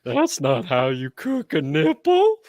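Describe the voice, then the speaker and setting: A man joining a sports chat by video call, talking in a slow, wry, jokey way. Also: a little high, huge pitch swings, darkish tone, no room sound, clean studio sound. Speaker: guest panelist. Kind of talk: casual joking chat.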